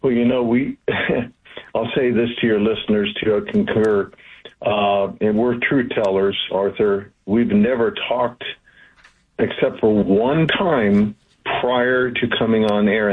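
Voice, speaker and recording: A man calls into a radio show as an investment firm executive. His husky, mid-pitched voice comes through a tinny phone line as he makes an earnest, salesy case. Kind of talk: radio interview guest.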